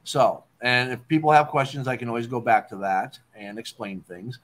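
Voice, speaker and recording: A man hosting a casual talk show, explaining poetry terms in a relaxed way and checking in with "okay?". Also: mid-range voice, moderate pace, a crowd in the background. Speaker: podcast host.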